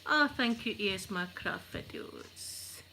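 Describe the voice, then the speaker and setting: A Scottish woman chats softly at home, rambling and teasing herself in a casual ASMR video. Her voice sits at an ordinary middle pitch. A clear wash of background noise runs under everything. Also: lively intonation, unhurried. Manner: chatty, rambling, self-deprecating. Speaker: ASMR YouTuber. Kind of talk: casual soft-spoken chat. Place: at home while ironing.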